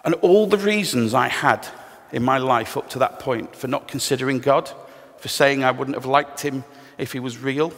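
A middle-aged man tells his conversion story to a church, his voice sitting at an ordinary pitch. He speaks candidly and pokes fun at himself now and then. His words ring out with a long reverb through the church hall. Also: normal speed, creaky. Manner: candid, self-deprecating, storytelling with humor. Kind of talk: personal testimony talk.

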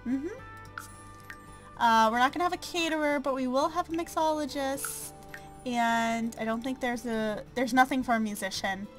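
A woman with a fairly high voice chatting her way through a life-sim let's-play, full of ums and self-deprecating asides. Soft music plays quietly underneath her commentary. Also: normal speed. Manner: chatty and self-deprecating, with many fillers and giggles. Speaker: gameplay commentator.

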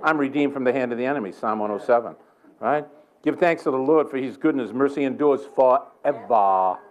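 An older man with a Boston accent, preaching a sermon in a church in a joking, conversational way with quick asides. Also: medium pitch. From Boston area. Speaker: guest preacher. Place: church sanctuary.

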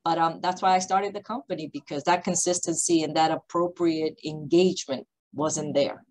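A woman who founded a company, speaking on a video call panel with emphatic, deliberately slow, repetitive points. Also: sits low, fairly even intonation, a little mellow, low-quality recording. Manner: emphatic, repeats key points, speaks slowly on purpose.

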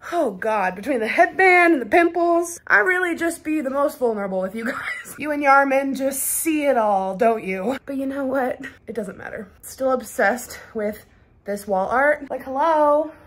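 A woman's voice: on the high side, a bit bright. A young woman casually vlogging at home to camera, chatty and giggly, full of "like" and "um". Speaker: lifestyle vlogger. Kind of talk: casual vlog chat to camera. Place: at home, bedroom.

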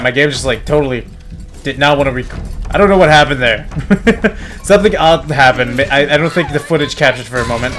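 A young man giving casual, rambling let's-play commentary from home, joking at his own expense and breaking into loud excited yells. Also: mid-range voice, a little hiss or hum. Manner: rambling, self-mocking, bursts into loud excited yelling. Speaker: gameplay commentator. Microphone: desk microphone at home.

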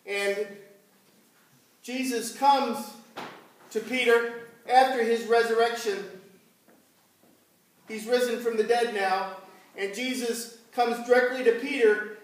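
A man preaching as pastor, telling the story slowly and asking his congregation questions. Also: very high-pitched, steady tone. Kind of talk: sermon. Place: church. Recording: echoey church from far off.

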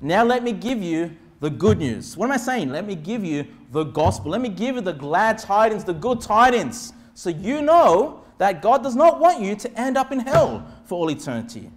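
A man preaching as pastor, with quick asides and sudden shouted lines. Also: high voice, big pitch swings. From Australia. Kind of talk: sermon.

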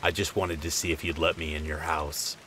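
A man voicing a young male stranger who pretends to be drunk and speaks in a calm, quiet, unsettling way. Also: extremely low pitch, a little fast, a little hiss or hum. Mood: calm menace. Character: creepy sober stranger feigning drunkenness, calm and menacing.

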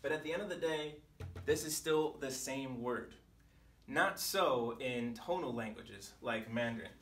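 A man explains a language lesson slowly and patiently, with a bright, forceful tone. He is recorded in an echoey room from some distance. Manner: clear, patient, demonstrates pitch with sung syllables. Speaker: Chinese teacher.

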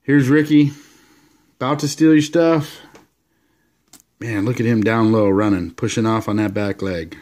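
A man's voice: lowish voice, unhurried, long pauses. Laid-back man chatting over his cards. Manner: relaxed, rambling, enthusiastic asides. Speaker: card collector showing his collection. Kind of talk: casual card-showing vlog.

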